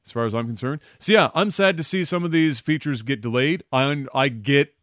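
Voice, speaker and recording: A man's voice: mid-range voice, a little fast, fairly bright tone, no echo, clean studio sound. A man co-hosting a gaming podcast, talking casually, rambling and swearing freely as he tells stories. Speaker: podcast co-host. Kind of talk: casual chat.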